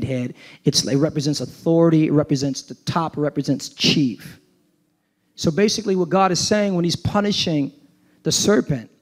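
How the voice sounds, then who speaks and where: Man, pastor, high-pitched, emphatic sermon, casual slangy asides, call-and-response. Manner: informal, slangy preaching. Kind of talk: preaching a sermon.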